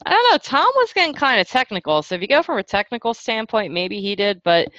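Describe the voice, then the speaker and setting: A woman co-hosting a podcast in casual chat, friendly and quick to laugh. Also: on the high side, very animated, fairly bright tone, dry recording, highs cut off. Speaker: podcast co-host.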